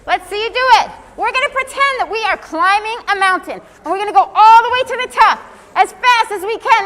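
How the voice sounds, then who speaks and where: A woman's voice: very high voice, fairly quick, fairly bright tone. A woman leading children through an exercise session, counting reps and giving upbeat instructions. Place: event room with children. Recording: long hall reverb.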